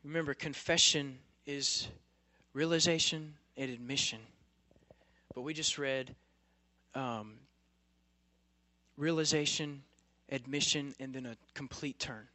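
A man's voice: mid-range voice, fairly even intonation, takes it slowly, pushed and bright, dry recording. A young man preaching a sermon to a campus group in a casual, emphatic way, full of rhetorical questions.

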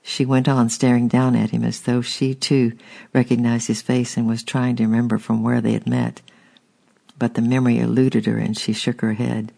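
A man's voice: medium pitch, completely flat delivery, normal speed, vocal fry, warm tone. A man narrating a storybook steadily and unhurriedly, with small restarts. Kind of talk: audiobook narration.

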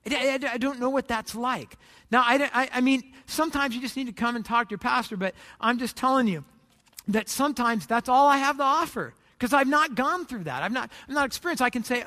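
A man's voice: very high-pitched, expressive, quick pace, sharp tone, big-room sound. A man preaching a sermon as pastor, earnest and conversational, acting out little scenes from church life.

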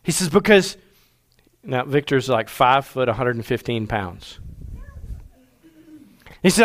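Guy preaching a sermon, tells stories, slows way down for big points, rushes the side bits. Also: mid-range voice, animated. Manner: folksy, varies pace from slow emphatic to rapid asides. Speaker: pastor. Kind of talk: sermon with storytelling.

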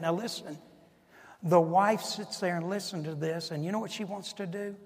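A man's voice: sits high, fairly even intonation, normal speed, long reverb tail. A male pastor preaching a sermon, stressing his points and asking the congregation rhetorical questions.

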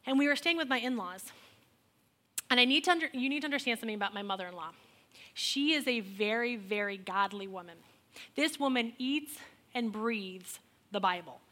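Sharing her faith testimony with an audience, a woman in her forties speaks fairly quickly in a bright, rather high voice, turning it into comic storytelling. She sounds animated and exasperated, imitating the people she describes.

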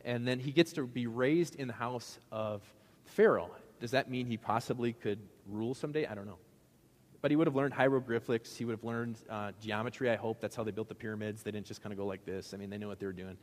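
A man's voice: medium pitch, fast talker, long reverb tail. A male pastor giving a sermon in a conversational, joking way, asking the congregation questions.

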